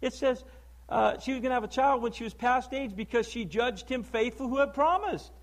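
A male preacher giving a sermon, emphatic and full of rhetorical questions, swinging between loud declaiming and low, quiet stress. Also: a little fast, low-quality recording.

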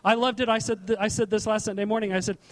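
A middle-aged pastor with a high-pitched voice delivers a sermon in an easygoing, conversational way. He reads scripture aloud and breaks off into chatty asides, often restarting his sentences. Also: steady tone, fast.

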